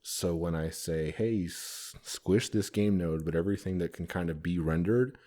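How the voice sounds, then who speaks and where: A man's voice: low-pitched, normal speed, warm tone. A man co-hosting a podcast, talking casually and rambling about code, with some swearing. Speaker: podcast co-host, developer. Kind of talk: casual technical chat.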